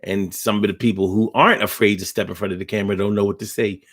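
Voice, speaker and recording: A man's voice: fairly low pitch, steady tone, fast, fairly bright tone. A man hosting a casual livestream talk, ranting bluntly and profanely in slangy street talk while reading viewer comments. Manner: blunt, profane, preachy rant.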